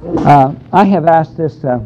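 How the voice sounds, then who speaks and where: A man's voice: fairly high pitch, unhurried, a little hiss or hum. A man teaching a Bible class in a conversational, emphatic way, taking questions from the room. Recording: dull lo-fi lecture recording.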